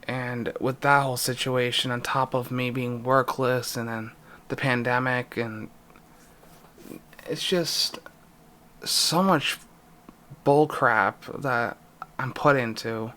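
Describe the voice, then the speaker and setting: A young man in an emotional vlog confession, distressed and near tears, speaking haltingly with pauses and a voice that drops. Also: medium pitch, level tone, bright, forceful tone, slight background noise. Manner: halting, pausing, voice dropping. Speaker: YouTuber.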